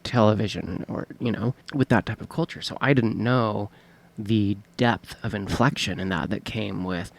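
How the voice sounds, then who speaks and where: A man with a low, gravelly voice chats casually on a podcast. He sounds easygoing and curious, and he mostly asks questions and reacts to his co-host. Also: moderate pace. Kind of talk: casual chat.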